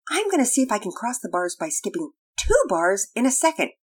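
A woman's voice: mid-range voice, very animated, a little fast, slightly rough, pitched above the performer's own voice. A woman voicing a confident schoolgirl who is an expert on the monkey bars, speaking boldly and cheerfully. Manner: bold and cheerful.

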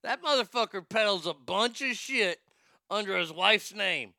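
A man's voice: high-pitched, animated, moderate pace, gravelly, sharp tone, dry recording, clean studio sound. A man hosting a commentary show, talking bluntly and profanely, joking and reading posts aloud. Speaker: show host.

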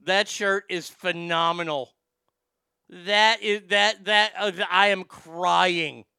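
A man's voice: sits high, steady tone, slow pace, creaky, pushed and bright, clean tone, no echo, studio quality. A man hosting a casual, profane, sarcastic comedic rant. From Texas. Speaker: host.

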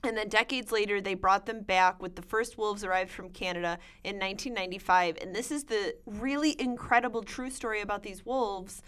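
A woman co-host chatting about books she loves, gushing with enthusiasm. Her voice is smooth and clear, at an ordinary pitch for a woman. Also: a little fast, few pauses, a bit bright. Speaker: podcast co-host. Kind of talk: casual book recommendation chat.

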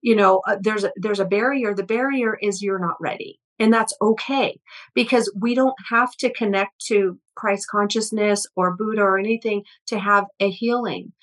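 A woman's voice: mid-range voice, steady tone, normal speed, fairly bright tone, low-quality recording. A middle-aged woman, an energy healer, telling stories about her sessions in an earnest conversational interview, often repeating words as she starts a sentence.

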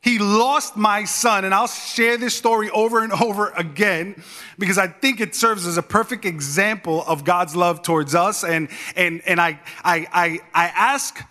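A man in his thirties preaching a sermon as a pastor, telling a personal story in a lively, conversational way and talking straight to the congregation. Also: sits high, moderate pace, in a large hall.

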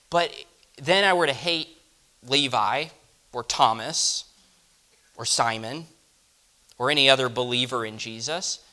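A man delivering a first-person dramatic monologue, reflective and often dropping to a hush. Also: mid-range voice. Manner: reflective, dropping to hushed tones. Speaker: storyteller.

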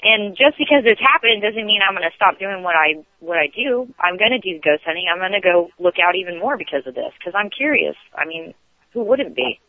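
A man's voice: high-pitched, lively intonation, a little fast, dry recording. A man, a radio show guest calling in, rambling through a story with many restarts. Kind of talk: casual storytelling on a call-in. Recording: tinny phone line.

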